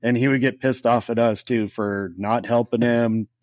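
A man co-hosting a casual podcast chat who starts his thoughts haltingly, repeating his words before he gets going. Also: mid-range voice, steady tone, darkish tone, dry recording. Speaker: podcast co-host.

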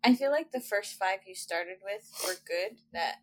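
A woman's voice: medium pitch, expressive, normal speed. A woman co-hosting a casual podcast, direct and teasing. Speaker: podcast co-host. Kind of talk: casual chat.

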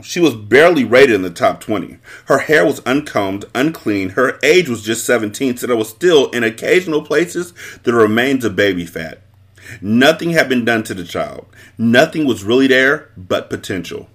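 A man hosting a book podcast, reading a novel aloud with expressive, animated storytelling. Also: mid-range voice, breathy edge.

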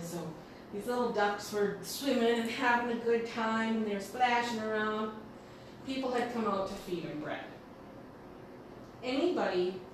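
A woman's voice: medium pitch, noisy background. Blunt, swearing woman in an echoey room. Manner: blunt, rambling, swears freely. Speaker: podcast host. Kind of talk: casual storytelling monologue. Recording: echoey room with faint ambience.

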